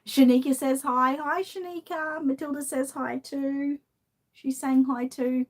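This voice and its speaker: A woman's voice: high voice, steady tone, a little slow. A woman from Australia with an Australian accent, hosting a casual live-stream chat, reading out viewer comments and laughing often. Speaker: channel host.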